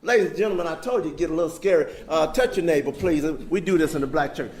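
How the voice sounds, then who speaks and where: A man's voice: on the high side, fast, crowd noise. An older man giving an impassioned, preacher-like speech to an audience. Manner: preacher-like call and response. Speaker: keynote speaker. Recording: echoey hall.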